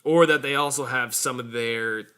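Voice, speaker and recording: A man co-hosting a casual sports podcast, asking questions with hesitant pauses. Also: mid-range voice, sharp tone, clear, resonant tone. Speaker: podcast co-host.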